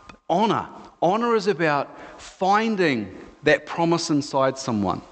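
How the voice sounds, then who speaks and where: A man's voice: a little high, sing-song, unhurried. A male pastor preaching a sermon in a conversational, storytelling way. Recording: echoey hall.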